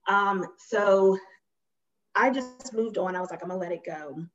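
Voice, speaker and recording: A woman telling a personal story on a podcast in a casual, animated way, acting out quotes and laughing often. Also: mid-range voice, moderate pace. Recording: slightly dull lo-fi sound.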